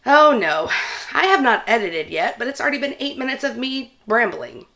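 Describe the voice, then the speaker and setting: A woman book vlogger chatting casually to her viewers, telling a story in an animated way and laughing between phrases. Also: fairly high pitch, normal speed. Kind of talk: casual vlog chat.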